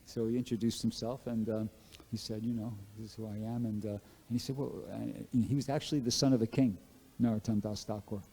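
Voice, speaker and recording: A man's voice: lowish voice, steady tone, fast, mellow, husky. A man giving a scripture class, telling devotional stories in a casual, rambling way with many fillers and restarts. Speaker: class speaker at a temple. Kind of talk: Bhagavatam class storytelling.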